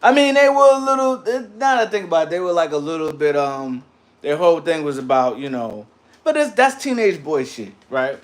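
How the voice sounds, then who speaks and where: Animated slangy man chatting on a livestream. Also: a little high, brisk. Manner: animated, slangy, talks back to chat. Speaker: livestream host reading chat. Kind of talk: casual livestream chat.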